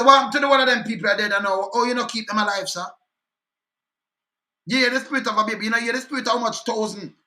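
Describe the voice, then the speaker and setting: Bright-voiced, scornful Jamaican man. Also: high-pitched. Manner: scornful, rhetorical, keeps replaying clips. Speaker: commentator. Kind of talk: heated political commentary.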